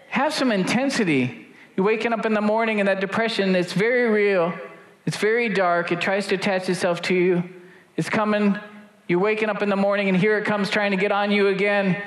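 A middle-aged man preaching a sermon as pastor, rising to loud, high-pitched exhortation and dropping low and slow for storytelling. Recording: echoey room with faint noise.

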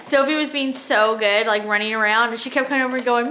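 Tired high-voiced young mom vlogging. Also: female voice, quick pace, sharp tone, slight background noise. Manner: chatty, sing-song talk to her toddler. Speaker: mother vlogging family life. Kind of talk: casual home vlog chat. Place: family home.

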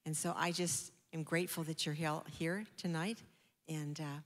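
Woman, conference founder, gentle welcome, lower pitch. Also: fairly even intonation, normal speed. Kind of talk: brief welcome from the stage.

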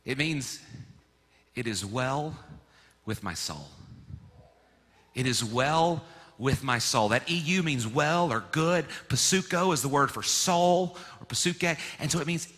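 Man, pastor, sermon, bright forceful voice, playful teaching, long church reverb. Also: fairly high pitch, a little slow. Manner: lively, playful teaching, leads congregation in repeating words. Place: church sanctuary.

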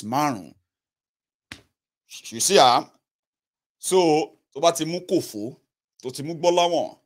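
Impassioned Nigerian man, higher voice. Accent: Nigerian Yoruba. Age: 30s. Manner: earnest, pleading, code-switching into Pidgin and Yoruba. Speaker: political commentator. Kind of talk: impassioned direct-to-camera monologue.

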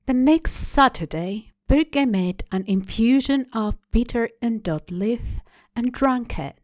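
A woman hosting a storytelling show, reading a translated short story aloud in a measured, deliberate way. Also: a little high, animated, darkish tone, no echo. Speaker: story reader. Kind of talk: literary reading.

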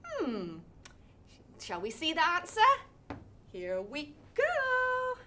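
A woman leading an interactive children's storytelling session, animated and sing-song, with playful sound effects. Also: very high voice, drawn-out words, long pauses. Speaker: storytelling workshop leader.

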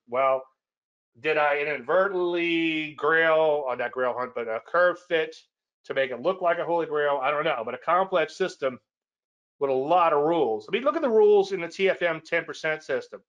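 A man's voice: a little high, normal speed, fairly bright tone, lo-fi sound. A man hosting a weekly trading show, chatting casually and rambling through charts with self-deprecating asides. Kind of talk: casual webinar chat.

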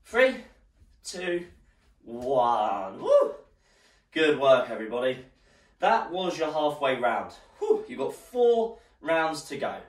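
A male fitness instructor leads a live workout class in a slightly high, very animated voice, taking it slowly. He's slightly out of breath from exercising as he counts down the rounds, heard through a distant mic with roomy echo.

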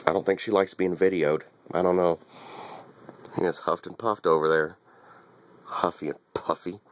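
This dog owner's voice is low, with fairly even intonation and a normal pace. Filming his little dog, he gives a teasing, wry running commentary to camera and tends to repeat himself.

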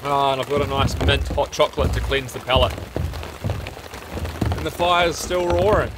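A chatty man camping in heavy rain speaks at normal speed in a mid-range voice, upbeat and eating as he talks for his casual camping vlog. He's an outdoor vlogger under a campsite shelter, with steady rain and fire crackle filling the background of this rain-heavy outdoor recording.

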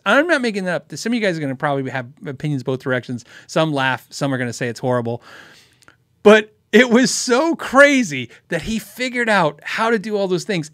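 Animated high-voiced man telling a story. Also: no room sound, clean studio sound. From Tucson, Arizona. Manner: animated, laughs often, acts out quotes. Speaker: host of a guitar Q&A show. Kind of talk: casual storytelling.

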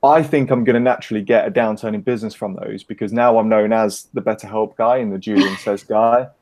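A man's voice: fairly low pitch, fairly even intonation, fast talker, a little mellow. A middle-aged man from Britain, a guest on a casual call-in interview, chatty and jokey with easy laughs. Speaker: interview guest, business owner.

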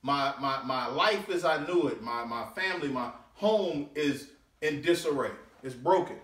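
A man, a deacon, preaching a sermon with drawn-out scripture readings and swooping pitch. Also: a bit bright. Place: church sanctuary. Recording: echoey church room, mic at a distance.

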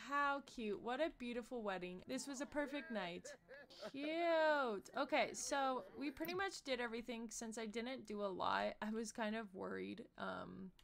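Young woman, gushy let's play host, slightly high voice, fry in her tone. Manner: excitable and gushing, quick gasps and squeals. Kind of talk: casual gameplay commentary.

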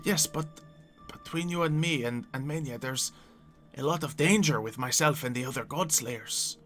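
In a Minecraft roleplay, a man plays his character with a mid-range, slightly bright voice, speaking formally and measuredly and often addressing the other by name. Faint music plays behind him.

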